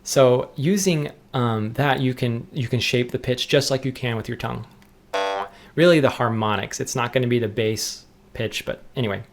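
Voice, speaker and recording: A young adult man teaching jaw harp technique in a relaxed, explanatory way, often restarting his sentences. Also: mid-range voice, normal speed, vocal fry. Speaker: music teacher. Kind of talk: instructional tutorial.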